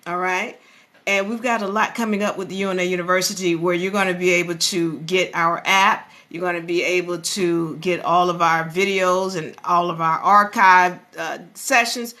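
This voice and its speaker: A woman hosting a live stream about law, talking to her viewers in a chatty, animated way and sometimes breaking into sing-song. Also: medium pitch. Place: live social-media stream. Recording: live stream with music playing behind.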